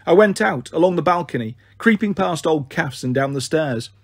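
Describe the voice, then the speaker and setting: A man reads a children's story aloud in a measured, steady way. His voice is husky and sits fairly high, and the recording is dry and close. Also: no room sound. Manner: steady, measured first-person reading. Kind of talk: audiobook narration.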